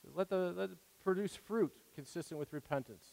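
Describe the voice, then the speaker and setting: A man's voice: high voice, brisk, creaky, darkish tone. A man preaching a sermon in an earnest, conversational way, stopping and restarting, acting out quoted prayers. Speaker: pastor. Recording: long hall reverb.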